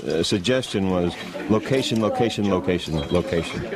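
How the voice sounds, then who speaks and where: A man voicing a former real estate man who brags in a deadpan, halting way. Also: sits low, a loud crowd, lightly acted.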